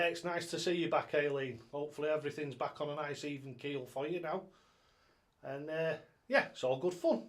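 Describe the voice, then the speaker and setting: A man hosting a casual live stream, rambling along in a chatty way and greeting viewers by name, recorded on a tablet at home. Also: medium pitch. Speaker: live-stream host and darts coach.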